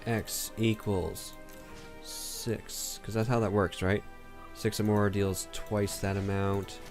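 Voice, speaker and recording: A man with a somewhat low voice streams a digital card game, thinking aloud in a relaxed, casual way. He often mutters counts under his breath as he works out his plays. Soft game music plays quietly underneath. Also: takes it slowly. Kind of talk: casual gameplay commentary.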